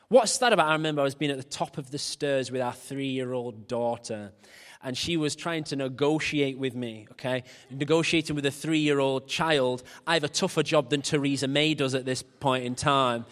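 Animated preacher, big hall. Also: male voice, medium pitch, moderate pace. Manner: animated, building to shouted exhortation. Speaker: pastor. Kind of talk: sermon. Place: large church auditorium. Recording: long hall reverb.

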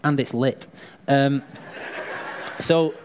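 A man's voice: mid-range voice, fairly even intonation, extremely slow, a little mellow, a little hiss or hum. A man preaching a sermon in a chatty, joking way, talking straight to the people in front of him and calling them up to help. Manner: chatty, joking, addresses the crowd directly. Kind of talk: sermon with live props and volunteers.

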